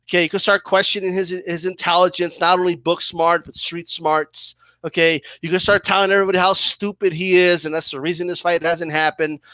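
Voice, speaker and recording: Boxing commentator, male, heated rant, high bright voice, dry sound. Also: clean tone, no echo. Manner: fired up, repeats "okay?" and "right?".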